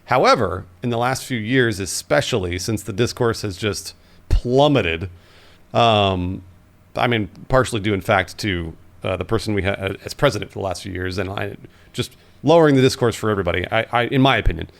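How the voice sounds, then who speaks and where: A man in his thirties co-hosting a podcast, telling his own stories in an earnest, animated casual chat. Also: on the low side, a little fast, gravelly. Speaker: podcast co-host.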